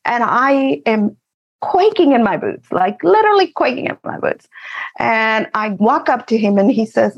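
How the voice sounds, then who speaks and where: Animated woman telling a childhood story. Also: fairly high pitch, normal speed, husky, highs cut off. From Eagle Pass, Texas. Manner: animated, laughs often while telling stories. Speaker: author and guest. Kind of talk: casual storytelling.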